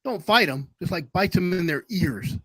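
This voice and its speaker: A man's voice: high voice, lively intonation, moderate pace, a loud crowd, poor audio. A man hosting a casual livestream chat, telling long rambling anecdotes. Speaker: livestream host.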